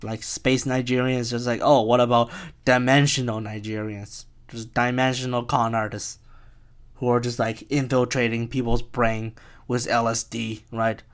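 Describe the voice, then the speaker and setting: A man's voice: mid-range voice, flat delivery, normal speed, smooth. Rambling, profane young man. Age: 20s. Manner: chuckling, profane, self-mocking. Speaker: podcast host. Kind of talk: rambling solo podcast rant.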